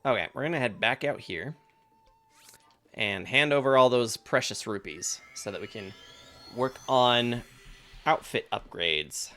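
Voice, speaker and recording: A man casually commenting on his live game playthrough, relaxed and thinking aloud. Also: mid-range voice, measured pace, pauses often, soft background music. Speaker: gaming streamer.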